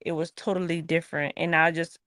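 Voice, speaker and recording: A woman's voice: deep voice, fairly quick, no room sound, studio quality. A woman, co-hosting a casual late-night chat and acting out the people she quotes as she tells a story. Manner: animated storyteller, acts out quotes. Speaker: podcast co-host.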